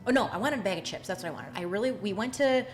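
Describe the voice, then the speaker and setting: A young woman hosting a casual podcast, telling expressive stories with lots of "like.". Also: medium pitch, rapid-fire, soft background music. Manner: chatty, expressive storyteller with frequent "like" and bursts of laughter. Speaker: podcast host.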